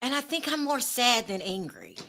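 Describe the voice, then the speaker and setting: Chatty middle-aged woman streamer, emotional and direct with viewers, bright, slightly high voice. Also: sing-song, normal speed. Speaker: YouTube gossip show host. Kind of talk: casual live-stream chat.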